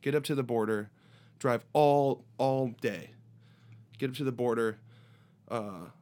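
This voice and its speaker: A man telling a story in casual chat as a musician guest, animated and acting out the people in it. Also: measured pace. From United States. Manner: animated anecdote teller, voices border guards with raised pitch.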